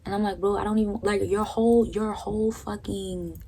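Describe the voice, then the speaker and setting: A woman's voice: mid-range voice, fairly even intonation, brisk, mellow, a little hiss or hum. A young woman casually telling a personal story, frank and profane, often checking in with "right?". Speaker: storytime vlogger.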